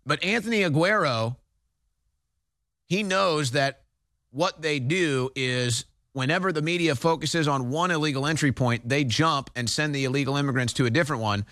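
A man's voice: fairly high pitch, moderate pace, a bit bright, no room sound, studio quality. A man giving urgent political commentary on a talk show.

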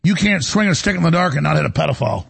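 Gravelly, raspy-voiced male talk host. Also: fairly high pitch, lively intonation, rapid-fire. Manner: intense, storytelling, acts out quotes. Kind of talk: impassioned talk show banter.

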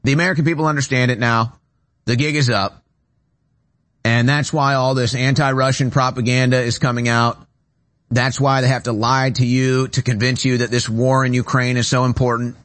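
A man's voice: medium pitch, level tone, moderate pace, fairly bright tone. Urgent man ranting on a talk show. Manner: emphatic, repetitive, urgent ranting. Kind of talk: political commentary monologue. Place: radio studio.

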